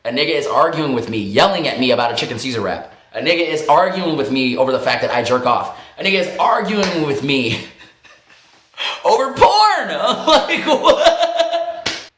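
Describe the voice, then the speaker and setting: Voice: mid-range voice, lively intonation, quick pace, fairly bright tone. A vlogger telling a story in a casual, profane way, laughing often as the story goes. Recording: roomy echo.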